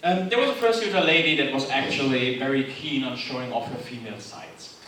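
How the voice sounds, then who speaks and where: A man's voice: mid-range voice, animated, brisk, crowd noise. A man from Germany, a guest on a convention panel, telling an anecdote in a hesitant, wry way. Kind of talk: anecdotal storytelling. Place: large convention hall. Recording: echoey hall recorded from far off.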